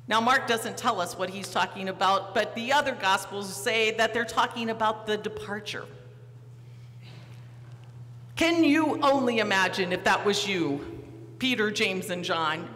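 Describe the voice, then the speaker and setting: Bright-voiced pastor preaching in a church. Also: medium pitch. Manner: storytelling, acting out the disciples, posing questions to the listeners. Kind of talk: sermon. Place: church sanctuary. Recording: reverberant church hall, faint hum.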